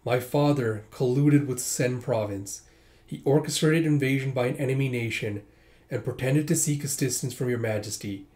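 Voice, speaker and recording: A man's voice: medium pitch, moderate pace, a little mellow, natural voice. Brief: man doing a solemn young nobleman, formal and dutiful; storybook reading.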